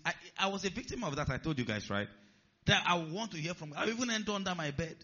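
A man preaching a sermon, animated and putting rhetorical questions to his listeners. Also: on the high side, fast talker, lo-fi sound.

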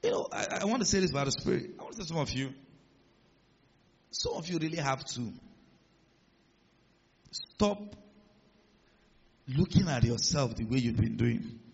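A male pastor preaching a sermon in a large church hall, emphatic and building to loud declarations. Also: mid-range voice, expressive, normal speed, creaky, pauses often, slightly rough. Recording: muffled sound with long hall reverb.

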